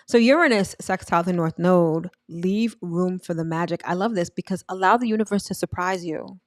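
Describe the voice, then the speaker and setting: Emphatic, animated woman astrology host. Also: fairly low pitch, a little fast, dry recording, clean studio sound. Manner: emphatic, animated, laughs often; acts out the universe in quoted asides. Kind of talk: casual motivational talk.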